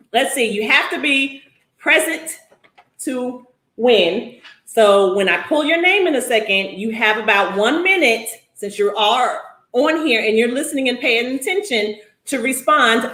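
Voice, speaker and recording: Goofy high-voiced woman hosting a livestream. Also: animated, measured pace, pushed and bright, roomy sound. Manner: playful and goofy, calls names out repeatedly. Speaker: host. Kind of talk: live-stream giveaway, casual chat.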